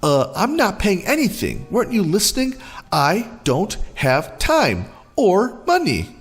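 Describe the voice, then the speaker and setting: A man's voice: sits high, huge pitch swings, a little slow, soft background music, pitched above the performer's own voice, exaggerated voice. A man voicing a rude, impatient entitled mother who snaps, swears and makes demands, in a storytelling video. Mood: irritated demanding.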